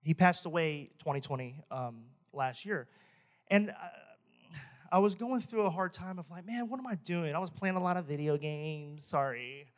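Young male minister, high voice, lively joking testimony with frequent laughs. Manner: animated, joking, laughs often. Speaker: church minister. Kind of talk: testimony sermon. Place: church.

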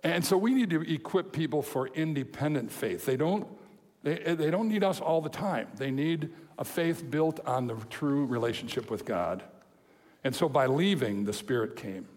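A man preaching a sermon, telling a story with lively quoted voices and chuckles. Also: on the high side. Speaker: pastor. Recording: long hall reverb.

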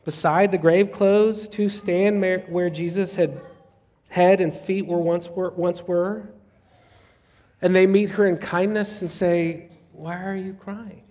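A man's voice: high voice, steady tone, slow, darkish tone. A male pastor preaching a sermon in a conversational, reflective way. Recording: long reverb.

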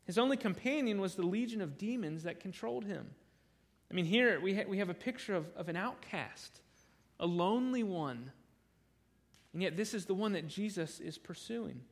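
A man preaching a sermon through a Bible passage, earnest and conversational, often repeating words as he restarts a sentence. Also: high-pitched.

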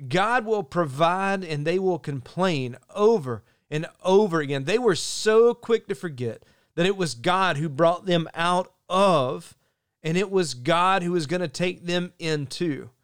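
A man delivers a sermon in an earnest, measured way, leaning on key phrases by slowing down. His voice sits a little high for a man and comes across smooth and resonant. The sound is dry, with no room around it. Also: lively intonation, no room sound. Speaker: pastor.

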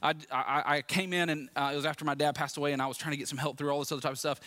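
A man preaching a sermon in a lively, conversational way with asides to the congregation. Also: a little high, racing. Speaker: pastor.

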